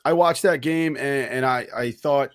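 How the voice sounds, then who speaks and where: A man's voice: mid-range voice, measured pace, no room sound, clean studio sound. A man co-hosting a casual sports podcast, wisecracking and mocking as he talks. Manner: mocking storyteller who acts out voices in quotes. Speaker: podcast co-host.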